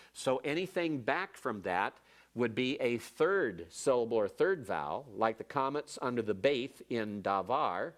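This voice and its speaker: A man teaching Hebrew grammar in a classroom lecture, explaining patiently step by step and repeating key points. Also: medium pitch.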